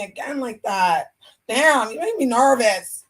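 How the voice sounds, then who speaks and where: A woman's voice: a little high, expressive, a little slow. A woman hosting a casual livestream, talking sassy and emphatic to her chat and calling people honey as she preaches. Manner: talks straight to her chat. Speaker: livestream host.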